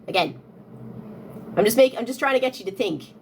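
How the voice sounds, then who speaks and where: A woman's voice: a little high, animated, a little fast, slight background noise. A young woman talking to her phone camera, questioning commenters insistently with repeated rhetorical questions. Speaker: content creator answering comments. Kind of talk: casual talk-to-camera rant.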